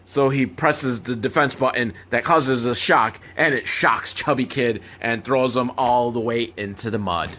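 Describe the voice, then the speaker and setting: A man hosting a podcast, recapping a film with weary sarcasm. He rambles from one complaint to the next and sounds fed up with what he is watching. His voice sits at an ordinary pitch for a man. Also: measured pace, few pauses, pushed and bright, a little hiss or hum. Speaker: podcast host.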